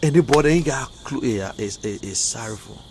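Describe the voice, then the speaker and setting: A man's voice: mid-range voice, lively intonation, brisk, a little mellow, breathy edge. A man with a Liberian accent giving heated political talk on a livestream, emphatic and exasperated, repeating his points. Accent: Liberian English. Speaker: livestream commentator.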